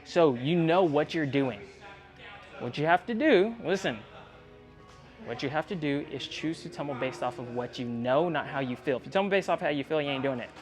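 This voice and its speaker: Faint music plays behind a tumbling coach as he speaks earnestly and directly to a young athlete in a gym, repeatedly asking whether she believes him. He sounds a little high-pitched and expressive, talking at normal speed.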